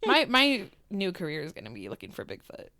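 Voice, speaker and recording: A woman's voice: fairly low pitch, fairly quick. A bubbly woman co-hosting a podcast in casual chat, her voice swinging up and down with lots of life and frequent laughs. It sounds close and dry, with no room echo. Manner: bubbly, laughs often, animated storytelling. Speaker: podcast co-host.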